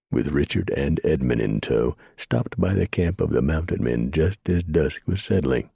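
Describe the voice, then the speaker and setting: Deep gravelly guy reading a western, dry close sound. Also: dark tone, no room sound. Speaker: audiobook narrator. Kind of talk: scripted narration.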